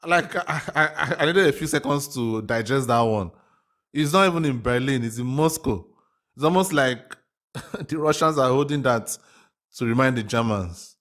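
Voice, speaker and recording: A man's voice: medium pitch, lively intonation, moderate pace, a bit bright. A man from Africa reacting to a documentary in casual commentary, candid and chatty with frequent restarts and exclamations. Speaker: reaction video host.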